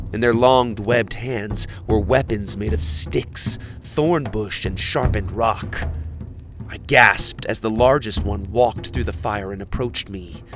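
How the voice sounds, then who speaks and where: A man narrating a first-person adventure story in a dramatic voice that often drops into a hushed whisper. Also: fairly low pitch.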